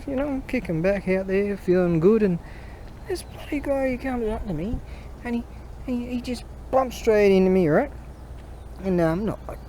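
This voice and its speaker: A man's voice: fairly high pitch, a little mellow, slight background noise, low-quality recording. A man vlogging outdoors, telling long rambling stories full of slang, swearing and fillers. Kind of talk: rambling casual storytelling.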